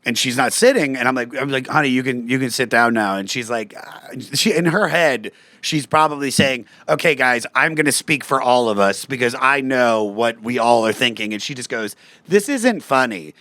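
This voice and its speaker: A man tells stand-up stories in relaxed podcast chat, acting out other people's lines. His voice sits at a middle pitch. The recording is dry and close. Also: normal speed, hardly any pauses, no room sound. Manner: animated storytelling, acts out quotes in a raised voice. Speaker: guest comedian.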